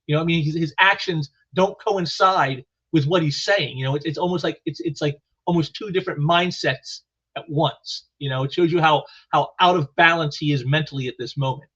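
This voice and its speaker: A man's voice: on the high side, fairly quick, a bit bright, slightly rough. A man reviewing comic books in casual solo commentary, rambling and restarting with lots of "you know" fillers. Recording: muffled lo-fi recording.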